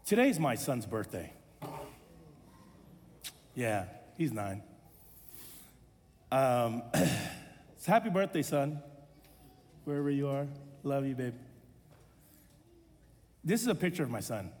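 A man in his thirties, a pastor, preaching a sermon and telling a personal story with animated self-deprecating humor. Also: mid-range voice, slow, long pauses, big-room sound.

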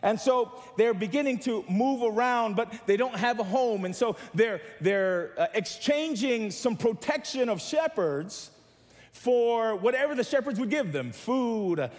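A man with a notably high voice preaches to his church, telling funny stories and asking the congregation to answer back. His voice trails off in a long reverberant echo, as though the room is a large sanctuary. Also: animated, measured pace, darkish tone. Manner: preaching with humor and call-and-response to the church. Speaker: pastor. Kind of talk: sermon.

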